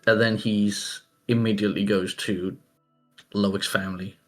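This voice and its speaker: A man's voice: fairly low pitch, level tone, unhurried, soft background music. A man playing a tabletop game who describes his character's actions hesitantly, with many fillers. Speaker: player.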